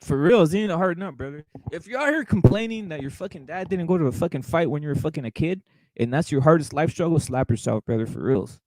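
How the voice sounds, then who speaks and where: Man, boxing show host, profane heated rant, higher voice, dry close sound. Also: animated, fast, a little mellow, no room sound, rough recording. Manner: profane, heated, repetitive, keeps saying "brother". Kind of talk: casual livestream rant.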